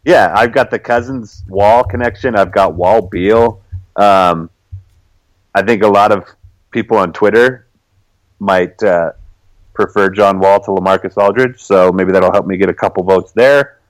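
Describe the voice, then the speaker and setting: A young man co-hosting a casual podcast, relaxed, laughing often and dotting his talk with fillers. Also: lowish voice, measured pace, no room sound, poor audio. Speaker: podcast co-host.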